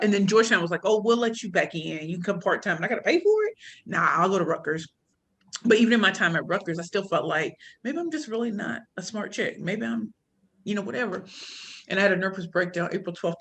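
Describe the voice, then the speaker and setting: A woman, a podcast guest telling her life story in a casual, animated and slangy way, often voicing the people she quotes. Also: mid-range voice, fairly quick. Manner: animated, slangy, quoting others in voices. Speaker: podcast guest, pitch coach and speaker.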